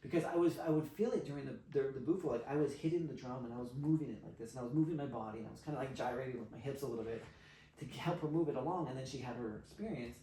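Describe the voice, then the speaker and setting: A man, a podcast guest, telling an animated story, acting out quotes with frequent laughs and fillers. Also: medium pitch, very fast. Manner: excitable, acts out quotes, laughs often, filler-heavy. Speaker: podcast guest, sexual healer. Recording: roomy, distant from mic.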